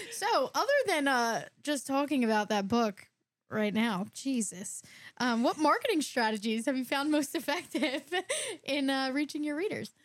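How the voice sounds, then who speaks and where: A woman's voice: high-pitched, lively intonation, a little slow. A woman hosting an interview, reacting with giggles and asking questions. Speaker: podcast host. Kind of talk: casual interview chat.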